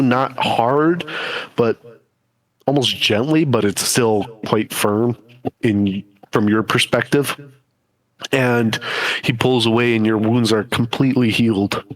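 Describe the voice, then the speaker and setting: Slow-narrating male game master. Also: medium pitch. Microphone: voice call microphone.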